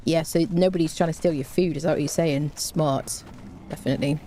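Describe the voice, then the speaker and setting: A woman's voice: sits low, expressive, brisk, warm tone, slight background noise. A woman streaming a game live, chatting casually with her viewers and humming little tunes to herself.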